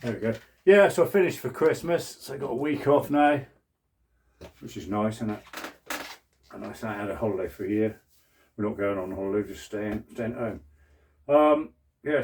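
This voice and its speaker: A man's voice: mid-range voice, a little mellow. A British man in his sixties chatting casually to camera in a small shed while he works, rambling and talking to himself. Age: 60s. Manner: chatty, rambling, self-talk while working. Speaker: woodworking vlogger. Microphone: camera on a mount.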